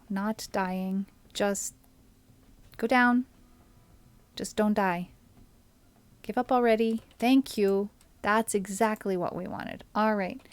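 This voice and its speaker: Woman streamer, unhurried game commentary, mutters under her breath between remarks. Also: medium pitch, dry recording. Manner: thinks aloud, often drops to a soft mutter. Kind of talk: casual gameplay commentary.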